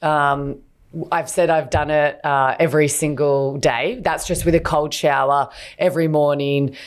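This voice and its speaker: Chatty low-voiced woman podcast co-host. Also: steady tone, unhurried, clean tone. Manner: chatty, candid, many fillers and restarts. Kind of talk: casual chat.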